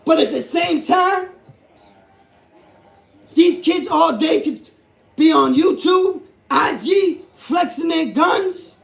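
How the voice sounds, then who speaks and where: A man with a high, gravelly voice delivers a heated commentary vlog. He hammers his points by repeating himself and raising his voice. The sound is roomy and echoing. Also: takes it slowly, long pauses. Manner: emphatic, repetitive, rising to shouts. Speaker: YouTube host. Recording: echoey room.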